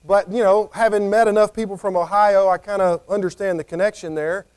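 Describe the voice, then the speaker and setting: A man's voice: sits high, steady tone, fairly quick, darkish tone, smooth. A man preaching a conversational sermon, often acting out what people might say. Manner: conversational, acts out quoted voices.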